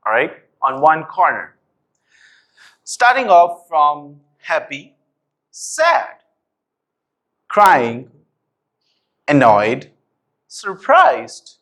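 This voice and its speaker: A young man talking teachers through a classroom activity, slow and deliberate, his voice sitting a little high for a man. He is energetic and keeps calling them "guys", asking his own questions and then answering them. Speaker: teacher trainer.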